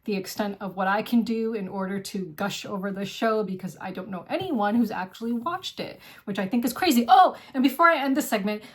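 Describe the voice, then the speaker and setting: A woman hosting a board game channel, gushing effusively in casual vlog chat with lots of "like". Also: medium pitch. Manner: gushing and effusive, heavy use of "like". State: single, lives alone.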